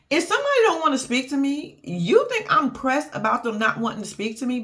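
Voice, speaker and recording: A woman's voice: high-pitched, brisk, few pauses. A woman recapping a reality show in casual, profane chat, laughing often and acting out what people said. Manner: animated, profane, laughs often, acts out quotes.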